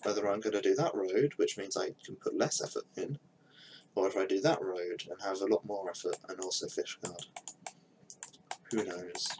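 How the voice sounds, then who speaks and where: Low-voiced young man streaming, muttering. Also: steady tone, normal speed, darkish tone, a little hiss or hum, rough recording. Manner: thinks aloud while working, mumbling asides. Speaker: live streamer building a game map. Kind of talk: casual live-stream commentary.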